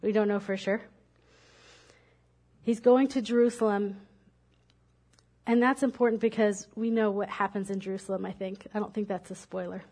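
A woman's voice: mid-range voice, fairly even intonation, normal speed, long pauses, a little mellow. A woman preaching a sermon from a church stage, reading a parable aloud and then speaking candidly and reflectively about her own doubts.

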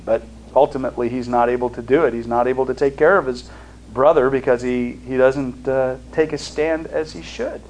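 A man teaching a Bible study in a conversational way. He reads scripture aloud and pauses to explain it, with fillers and restarts. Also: medium pitch, a little hiss or hum, low-quality recording. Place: seated, studying notes.

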